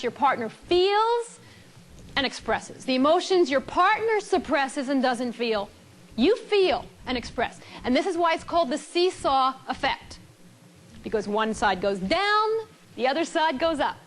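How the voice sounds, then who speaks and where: Emphatic high-voiced woman lecturer. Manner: animated, emphatic, repeats key phrases. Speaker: relationship speaker. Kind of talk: seminar talk to a live audience.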